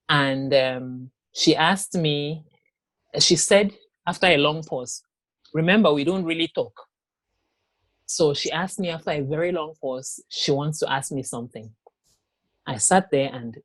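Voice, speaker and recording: A woman giving a personal testimony in an interview, telling her story haltingly with pauses, restarts and quoted dialogue. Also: deep voice, no echo. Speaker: interview guest.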